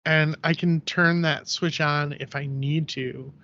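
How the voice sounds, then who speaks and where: A man's voice: fairly high pitch, slow pace, muffled recording. A man, a guest on a podcast, chatting casually and telling anecdotes in which he acts out what people said. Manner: animated storyteller who acts out quoted voices, heavy use of "like". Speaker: podcast guest, ceramic artist.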